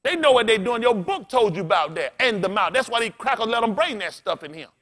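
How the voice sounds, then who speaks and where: A man's voice: high voice, lively intonation, quick pace, fairly bright tone. A man pastor preaching a sermon in a blunt, colloquial way, swearing freely and firing questions at the congregation.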